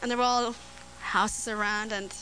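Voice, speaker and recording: A woman preaching a sermon on scripture, earnest and prone to restarts and soft laughter. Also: a little high, fairly even intonation, normal speed, a little hiss or hum, low-quality recording.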